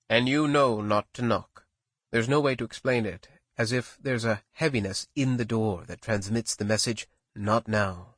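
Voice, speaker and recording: A man reading a novel aloud in first person, with even, measured storytelling. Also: mid-range voice, no room sound. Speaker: audiobook narrator. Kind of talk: scripted first-person narration.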